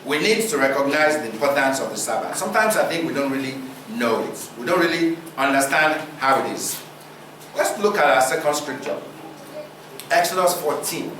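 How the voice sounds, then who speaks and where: Animated preacher in an echoey hall. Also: male voice, on the high side, a little hiss or hum. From Nigeria. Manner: rhetorical questions and deliberate pauses. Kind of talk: sermon. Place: church hall. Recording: roomy hall recording, distant mic.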